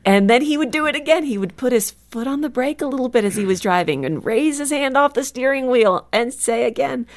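Lively woman guest telling stories. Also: sits high, fairly quick, hardly any pauses. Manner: animated, expressive storyteller. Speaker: author and guest. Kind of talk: conversational interview storytelling.

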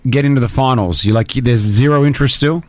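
A man hosting a breakfast radio show, teasing callers and co-hosts with lively banter. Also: medium pitch, no room sound. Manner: lively, teasing, quick to laugh.

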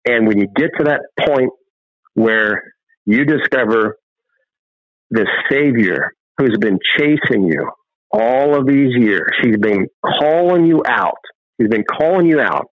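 A man's voice: medium pitch, animated, slow, no room sound, narrow, tinny audio. A man, a guest filmmaker and ministry founder, telling a scripture story in an impassioned preaching style and acting out its voices.

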